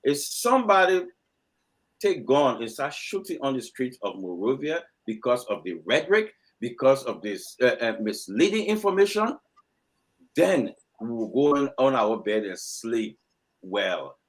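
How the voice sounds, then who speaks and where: A man's voice: mid-range voice, big pitch swings, unhurried, poor audio. A man, arguing his point insistently in a heated political debate and repeating himself when cut off. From Liberia. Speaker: panel guest.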